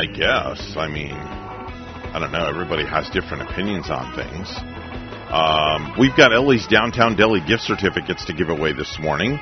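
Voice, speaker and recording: A man's voice: sits low, muffled recording. A man hosting a morning radio show, chatting casually with a rambling, easygoing manner. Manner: chatty, rambling, laughs along with clips.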